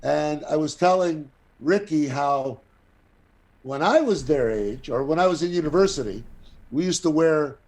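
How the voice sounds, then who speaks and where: An older man, an actor and guest, telling a long anecdote in a casual, profane, animated way. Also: fairly high pitch, a little slow. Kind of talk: casual storytelling.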